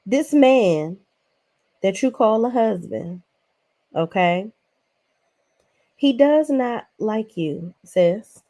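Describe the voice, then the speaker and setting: A woman's voice: medium pitch, expressive, extremely slow, long pauses, dark tone. A woman giving a casual, blunt recap of a reality show, talking sassily and with plenty of profanity, as if speaking straight to the cast. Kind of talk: casual opinionated recap commentary.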